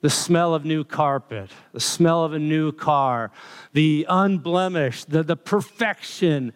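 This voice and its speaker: Slow, emphatic male preacher in a reverberant hall. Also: on the high side, smooth. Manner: emphatic, builds repeated lists of phrases. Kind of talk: sermon. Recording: long reverb of a large hall.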